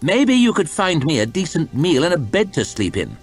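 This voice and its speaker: A man's voice: fairly low pitch, sing-song, a little fast, slightly rough, soft background music, heavily acted. A man voicing a proud young nobleman with a whining manner.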